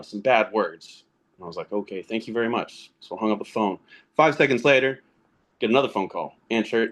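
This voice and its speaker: A man in his thirties, a podcast guest, telling casual stories about fatherhood and gaming, laughing often as he talks. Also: mid-range voice. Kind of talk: casual storytelling.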